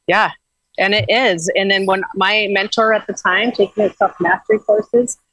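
A woman's voice: mid-range voice, fairly even intonation, normal speed, fairly bright tone, no echo, poor audio. A woman guest earnestly recounting a spiritual journey in casual, rambling talk with frequent restarts.

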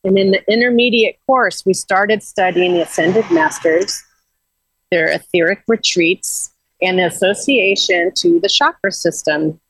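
Earnest, low-voiced woman on spiritual growth. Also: unhurried, a bit bright, slightly rough, no echo, low-quality recording. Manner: earnest, rambling, with restarts. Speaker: guest. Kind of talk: casual spiritual talk.

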